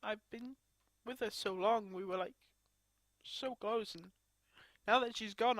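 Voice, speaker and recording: A woman crying as she talks to her camera in a grieving personal vlog, her speech halting and broken by sobs and restarts. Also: a little high, no room sound. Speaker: vlogger.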